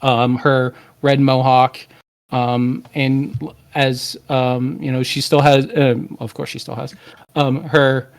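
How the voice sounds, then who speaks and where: A man's voice: mid-range voice, flat delivery, takes it slowly, gravelly. A man narrating as game master, hesitant and full of filler words.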